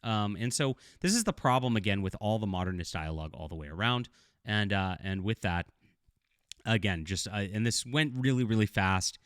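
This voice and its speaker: Blunt low-voiced middle-aged man reviewing. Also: lively intonation, moderate pace, a bit bright, smooth, no room sound, studio quality. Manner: blunt, critical, rambling with fillers. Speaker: TV show reviewer. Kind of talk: casual video commentary.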